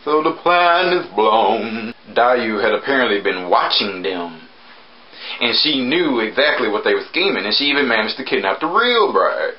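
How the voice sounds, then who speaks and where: A man casually reviewing a TV episode, chatty with sarcastic asides and sudden jumps in pitch. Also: sing-song, moderate pace, muffled recording.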